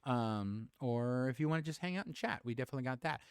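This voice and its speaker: A man co-hosting a podcast, bantering casually and reading mock headlines in a hushed voice. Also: mid-range voice, animated, fast talker, clear, resonant tone, no room sound, studio quality. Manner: laid-back, joking, reads in a hushed ASMR-style voice. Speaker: podcast co-host.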